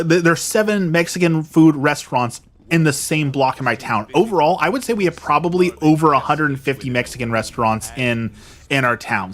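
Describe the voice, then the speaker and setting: A man's voice: a little high, a bit bright. Rambling man telling a story. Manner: rambling, repeats words and phrases. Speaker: gaming channel host. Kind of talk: casual story time over gameplay.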